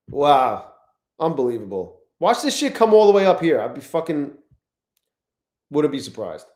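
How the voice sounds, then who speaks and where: Excitable swearing man on a live stream. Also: fairly high pitch, normal speed, pauses often, roomy sound. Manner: excitable, swears a lot, greets chat. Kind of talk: casual live-stream commentary.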